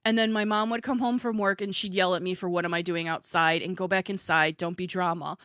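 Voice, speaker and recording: A woman's voice: on the low side, steady tone, brisk, a bit bright, smooth, no echo. A woman hosting a podcast, chatting casually and self-deprecatingly, with lots of fillers and giggles. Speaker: podcast host and author. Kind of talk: casual chat.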